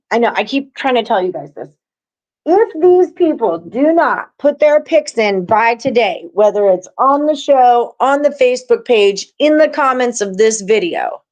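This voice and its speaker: A woman with a slightly high voice hosts a live sports-betting stream, chatting loosely with viewers and co-hosts. The recording quality is low.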